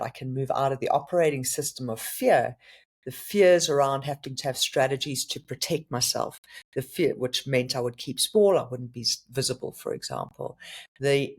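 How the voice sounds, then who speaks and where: A middle-aged man co-hosting a spiritual podcast, talking earnestly and candidly about his own healing, with frequent restarts. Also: medium pitch. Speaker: podcast co-host. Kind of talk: reflective spiritual talk.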